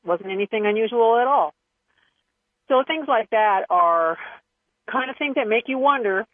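A woman's voice: on the high side, lively intonation, moderate pace, no echo. A woman co-hosting a talk radio show, telling a story in a chatty, hesitant way over a tinny phone line. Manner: chatty, hesitant, with soft laughs. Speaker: radio co-host. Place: Los Angeles area, over the phone.

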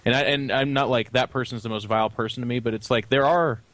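A man's voice: medium pitch, fast talker, no room sound. A man co-hosting a gaming podcast, opinionated and swearing freely as he jokes. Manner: animated, profane, joking. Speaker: podcast co-host. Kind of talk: podcast discussion.

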